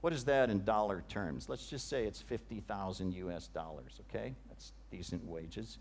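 A male preacher giving a sermon, retelling a scene with dramatic, vivid storytelling that often drops to a hush. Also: lowish voice, moderate pace, a little hiss or hum.

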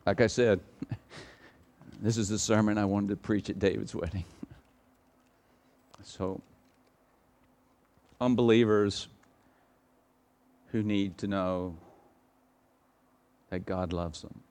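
A middle-aged pastor preaching a sermon, asking the congregation rhetorical questions and swinging from loud emphatic outbursts to quiet storytelling. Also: male voice, steady tone, slow, pauses often. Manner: preaching with sudden loud high bursts, then quiet anecdotes.

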